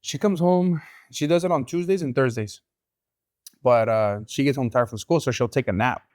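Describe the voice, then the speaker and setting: A man's voice: mid-range voice, normal speed, a little mellow, no echo, studio quality. A man, hosting a podcast and telling stories in casual chat, slipping between English and Spanish. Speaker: podcast host.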